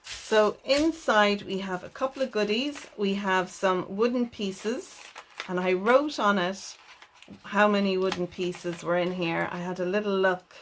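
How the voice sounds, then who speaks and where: Woman host, unhurried crafting unboxing read, soft and admiring. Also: medium pitch, slight background noise. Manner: gentle, enthuses with repeated "lovely". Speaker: papercraft channel host. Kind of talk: unboxing video.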